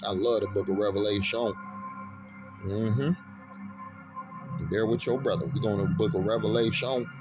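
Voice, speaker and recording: A man's voice: lowish voice, steady tone. Fervent male street preacher over music. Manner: reads verses aloud, then rises into loud fervent commentary with laughter; casual slangy talk, unhurried while looking up verses. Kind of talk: street sermon reading scripture. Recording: music playing under the voice. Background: music bed.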